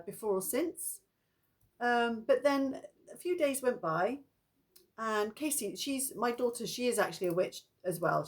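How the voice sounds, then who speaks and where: A middle-aged woman casually telling ghost stories in a chatty, meandering way. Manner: chatty and meandering, breaks into lively high-pitched acted quotes. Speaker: spiritual vlogger.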